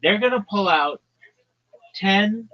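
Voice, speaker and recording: A man from New Jersey, hosting a livestream and ranting crudely in a loud, brash, profane comedic tone. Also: sits high, expressive, slow pace, highs cut off. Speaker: livestream host.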